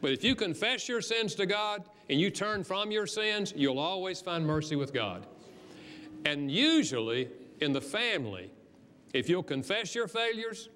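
Guy preaching a sermon, bright tense voice, earnest chatty delivery, big echoey church sound. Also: fairly high pitch. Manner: earnest, conversational preaching that rises for emphasis. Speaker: guest preacher and author. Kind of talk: sermon with storytelling. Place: church sanctuary. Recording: long reverb of a church hall.

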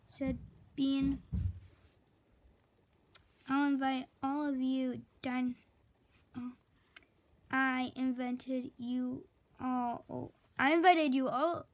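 A woman slowly reading a children's chapter book aloud, correcting herself and pausing to chat about the pictures. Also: sits high. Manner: slow, careful read-aloud with self-corrections; chatty asides about the pictures. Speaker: reader.

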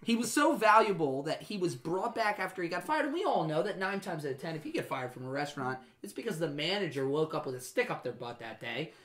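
A man's voice: fairly high pitch, big pitch swings, fast talker, few pauses, a bit bright. A man hosting a podcast, chatting casually with crude, teasing jokes. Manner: joking, teasing, crude banter. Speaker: podcast host.

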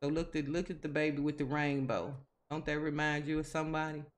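A woman's voice: deep voice, steady tone, fairly quick. Chatty woman scolding her game characters. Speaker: gaming video host. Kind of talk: casual game commentary.

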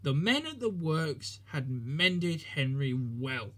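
Male storybook narrator, gentle and measured, slow pace, slightly high pitch. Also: big pitch swings.

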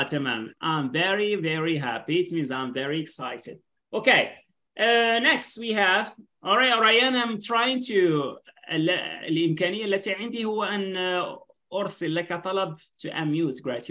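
A woman's voice: lowish voice, animated, bright, forceful tone. Patient woman teaching English. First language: Arabic. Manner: patient, repeats words slowly, switches to Arabic to explain. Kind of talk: online class teaching. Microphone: video call.

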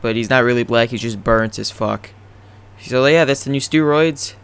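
Over a baseball video game, a young man speaks at normal speed in a clean, mid-range voice. As a gaming commentator he rambles, swears, and cracks deadpan jokes.

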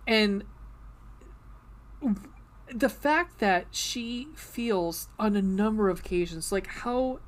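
A woman's voice: mid-range voice, expressive, slow, long pauses. A woman co-hosting a book club podcast, chatting casually, breaking off with laughs and restarting her sentences. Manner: chatty, full of fillers and restarts, laughs while reading. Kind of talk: casual chat and reading aloud.

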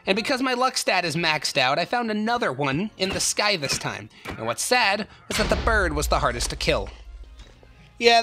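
A young man swinging wildly between mumbled asides and sharp, bright outbursts as he narrates his game. His voice leaps all over the place and swears freely at the monsters. Light music plays under him. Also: high-pitched. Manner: excitable, swears, yells at the game. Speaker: gaming YouTuber. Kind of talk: narrated gameplay commentary.

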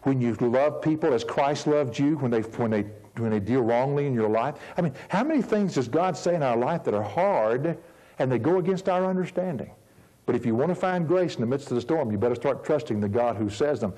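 A man in his fifties, a pastor preaching a sermon in an earnest, emphatic way, slowing down to stress key words. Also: medium pitch, expressive, mellow, low-quality recording. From United States. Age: 50s.

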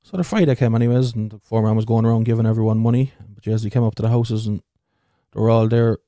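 Guy with a stutter rambling thru dirty jokes, low dark voice, dry close mic. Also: fairly even intonation, quick pace, dry recording. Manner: rambling, crude, swears freely. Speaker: podcast host. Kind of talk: telling jokes.

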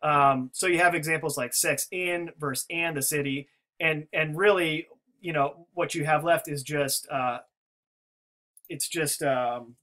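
A man's voice: a little high, moderate pace, bright, forceful tone. A man talking through a theory in casual spoken commentary, rambling with many restarts and fillers. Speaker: video commentator.

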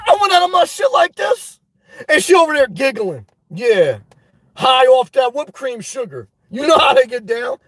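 A man hosting a live stream, reading chat and telling a story in a loud, animated way, swearing often. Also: very high-pitched, dry recording. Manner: animated, loud, swears a lot, repeats himself. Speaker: livestream host reading chat. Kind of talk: casual livestream rant.

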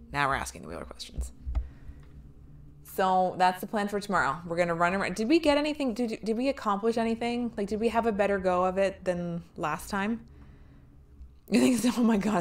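Streamer lady w/ a lowish voice, joking around w/ chat, swears a lot. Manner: joking and chatty, swears freely. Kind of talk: casual live-stream chat with viewers.

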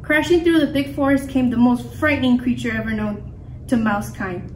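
A woman storyteller reading a picture book aloud in a lively, expressive way. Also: on the high side, moderate pace. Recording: echoey room, mic far off, faint noise.

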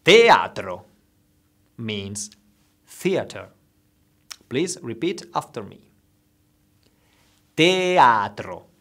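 A man teaching travel phrases, saying each one slowly and clearly so listeners can repeat after him. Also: mid-range voice, very animated. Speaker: language teacher. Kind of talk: slow instructional phrase drills.

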